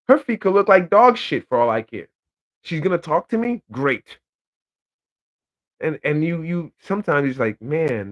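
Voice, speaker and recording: A young man talks in a loose, unscripted monologue, blunt and profane, jumping into animated retellings of conversations. His voice sits at an ordinary middle pitch. The recording is slightly muffled, like modest home gear. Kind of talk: casual opinion monologue. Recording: slightly dull lo-fi audio.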